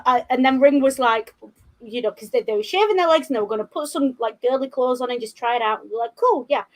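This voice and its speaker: A woman co-hosting a casual podcast chat, telling stories in a blunt, sweary, animated way. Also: sits high. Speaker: co-host.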